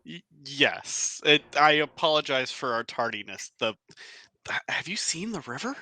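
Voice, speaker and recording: A man's voice: a little high, big pitch swings, normal speed, sharp tone, dry recording, exaggerated voice. Man playing a stammering noblewoman sorceress. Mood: awkward polite. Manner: hesitant, stammering politeness. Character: noble young female warlock sorceress, awkward.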